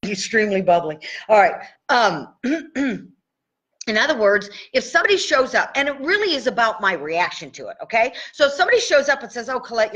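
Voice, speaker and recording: A woman's voice: a little high, fairly bright tone, husky, dull audio. A woman coaching tapping in a casual live stream, chatty and checking in with "okay?" after each point. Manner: chatty, says "okay?" often.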